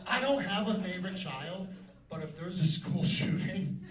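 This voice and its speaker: A man with a high voice works a comedy club stage, firing off dark jokes with a brash, punchy delivery. He sounds set back from the mic, with room echo around him and steady background noise. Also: normal speed. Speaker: stand-up comedian. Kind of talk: stand-up set. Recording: echoey club from a distance with noise. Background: audience laughter.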